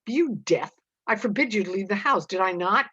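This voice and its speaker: A woman reading a stern male farmer's lines in a gruff, old-fashioned scolding manner, on a dull, dry recording. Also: mid-range voice, expressive, fairly quick, bright, forceful tone, no echo, voice pushed up.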